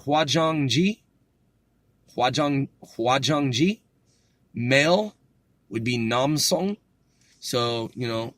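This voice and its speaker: A man works through his handwritten vocabulary notes in an unhurried, slow drawl, sounding words out and tossing in jokes and curses. His voice sits at a middle pitch. The recording is dry and close, with no room sound. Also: a bit bright, no room sound. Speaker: self-taught learner teaching vocabulary. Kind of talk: casual solo study podcast.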